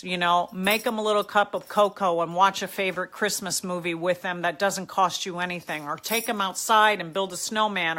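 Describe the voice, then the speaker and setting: A woman's voice: mid-range voice, bright, forceful tone. A middle-aged woman hosting a live chat, answering viewers' comments in a heartfelt, emotional and encouraging way. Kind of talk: live casual talk, reading out comments.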